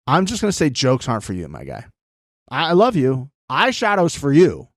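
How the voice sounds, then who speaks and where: Male comedian co-host, mid-pitched, mock-outraged banter, dry studio mic. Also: wildly swooping pitch, normal speed, no echo. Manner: sarcastic, jokey, mock-outraged. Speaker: podcast co-host. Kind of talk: casual comedic chat.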